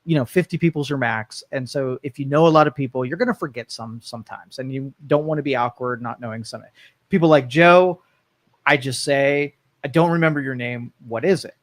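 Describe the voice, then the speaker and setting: A man's voice: medium pitch, brisk. A man hosting a radio talk show, chatting casually and musing aloud, dropping his voice for asides.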